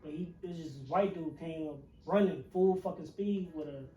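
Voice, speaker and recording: Casual podcast co-host, male, high-pitched, profane and rambling, with faint music behind. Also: a little fast, warm tone, muffled recording. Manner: rambling with many fillers, profane. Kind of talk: casual storytelling chat. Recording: roomy, distant mic with faint music.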